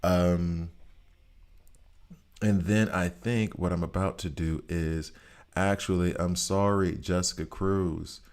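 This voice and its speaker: A man's voice: sits low, steady tone, slow pace, pauses often, a little mellow. A tired man hosting a game guide video, rambling in a chatty way and slipping into a Southern twang now and then. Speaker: mobile game guide host. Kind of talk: casual gameplay commentary.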